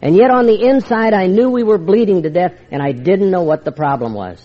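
A wry older man tells his recovery story to a meeting, confiding in listeners and acting out quoted exchanges. His voice sits high, fairly quick and expressive, and the recording is dull and lo-fi.

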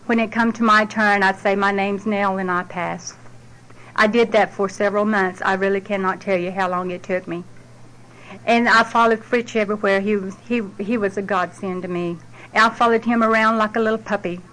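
A woman's voice: medium pitch, fairly even intonation, normal speed, fairly bright tone, a little hiss or hum, poor audio. A middle-aged woman, giving a heartfelt personal testimony at a support group meeting in a plain, down-to-earth way.

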